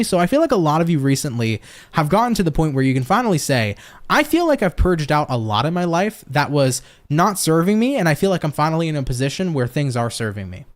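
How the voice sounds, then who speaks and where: A young man giving a casual tarot reading from his home office, laid-back and swearing freely, with frequent laughs. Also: fairly high pitch. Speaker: tarot reader.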